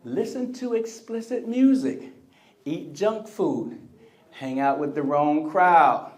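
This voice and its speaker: A man's voice: on the high side, slow pace. A man giving a live motivational keynote speech in a convention center hall. He talks with energy and keeps prompting the crowd to answer him. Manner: energetic, call-and-response with the crowd; acts out quoted voices. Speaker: motivational speaker.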